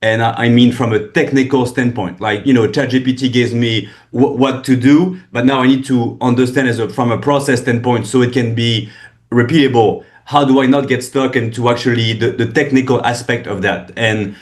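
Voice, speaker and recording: A man's voice: mid-range voice, steady tone, normal speed. Hesitant man giving a call update. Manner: hesitant, many fillers and restarts. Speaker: real estate agent on a team call. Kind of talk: casual update on a video call. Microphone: video call.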